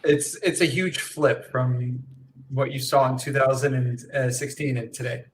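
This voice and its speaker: A man's voice: mid-range voice, steady tone, measured pace, a little hiss or hum, low-quality recording. A man co-hosting a podcast, talking casually with swearing and restarts. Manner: laid-back, swearing, restarts. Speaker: co-host. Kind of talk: casual chat.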